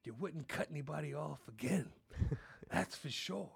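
High-voiced profane storyteller man. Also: measured pace, vocal fry, breathy edge, no room sound. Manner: profane, animated, keeps asking "you know what I'm saying". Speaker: podcast host. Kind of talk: crude comedic storytelling.

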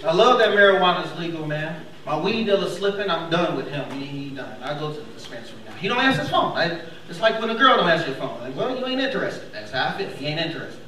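This young comedian moves at a quick pace through his stand-up routine, voicing characters with sharp leaps in pitch and plenty of animation. The club audio echoes, the microphone sits at a distance, and the crowd's laughter fills the background.

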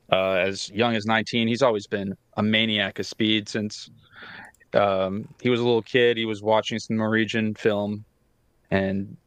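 Lower-pitched male co-host, dry close sound, talks in meandering, filler-heavy explanations. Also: fairly bright tone, smooth, dry recording. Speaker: podcast co-host. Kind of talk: casual chat.

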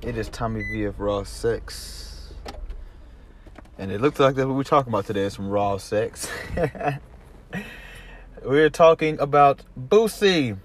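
This commentary vlogger from Atlanta speaks with a Southern accent in a lowish, steady voice at a moderate pace, with a little hiss or hum in the audio. His casual talk rambles and turns profane, full of restarts, and he laughs easily.

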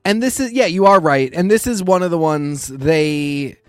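A man's voice: on the high side, moderate pace, clear, resonant tone, no echo, clean studio sound, soft background music. A man co-hosting a comics podcast, talking casually and rambling, often restarting his sentences. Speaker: podcast co-host. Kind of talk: casual chat about comics.

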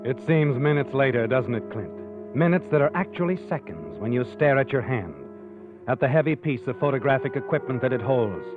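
A man's voice: medium pitch, lively intonation, fairly quick. Male narrator, ominous second-person delivery, music bed, vintage lo-fi radio. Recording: lo-fi old radio recording with music.

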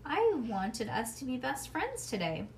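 A woman doing a pushy little girl, sing-song, showy, loud, storybook read-aloud. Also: high-pitched, wildly swooping pitch, unhurried, far from the mic, a little hiss or hum, voice pushed up, exaggerated voice.

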